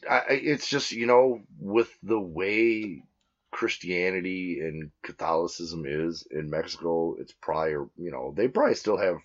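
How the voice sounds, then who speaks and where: A man's voice: deep voice, normal speed. A married man co-hosting a podcast in a small home studio, joking crudely and rambling with lots of fillers. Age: adult, married. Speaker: podcast co-host. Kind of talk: casual crude banter. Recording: dull lo-fi recording.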